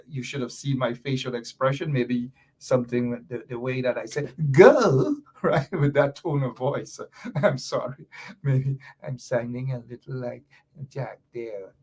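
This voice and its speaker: A man's voice: a little high, husky. A middle-aged man hosting a political talk radio show, emphatic and sarcastic, hammering the same words over and over. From Guyana.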